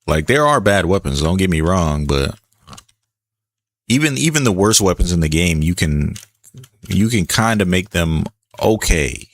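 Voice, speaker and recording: A man's voice: low voice, animated, measured pace, dry recording, clean studio sound. A man casually chatting while he streams a shooter game, laid-back and talkative, greeting viewers in chat. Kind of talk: casual gameplay commentary.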